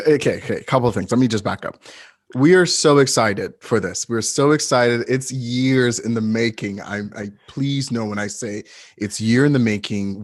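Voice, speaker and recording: A man's voice: mid-range voice, dry recording, clean studio sound. A man co-hosting a podcast, chatting in a playful, teasing way. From Canada. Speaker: podcast co-host. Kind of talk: casual chat.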